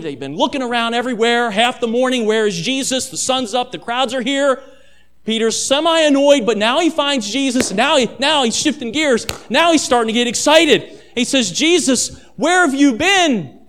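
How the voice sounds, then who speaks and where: A male pastor delivers a dramatic sermon in a high voice, calling his listeners family. He drops to a near hush for weighty lines, then climbs back to full strength as the story builds. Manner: dramatic, addresses listeners as family, swings between hushed and loud.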